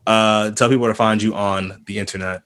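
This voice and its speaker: His voice is on the low side and brisk. He's a podcast host from around Boston, ranting casually in an animated, heated way, full of restarts and cursing.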